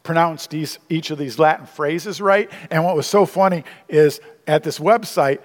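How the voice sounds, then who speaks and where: A man's voice: fairly high pitch, normal speed. Preaching man in a reverberant church. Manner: conversational, emphatic preaching with asides to the congregation. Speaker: pastor. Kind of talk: sermon. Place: church sanctuary.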